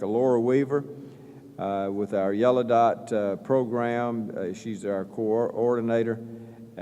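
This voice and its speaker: Male official giving a halting public speech; low, mellow voice with long hall reverb. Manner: halting, many "uh" fillers and restarts. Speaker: state governor. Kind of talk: speech at a press event.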